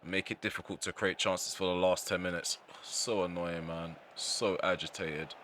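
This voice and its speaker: A man's voice: deep voice, flat delivery, moderate pace, a bit bright, a little hiss or hum. A man giving live commentary over his own football video game match, often exasperated and ranting about how it is going. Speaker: gaming channel host.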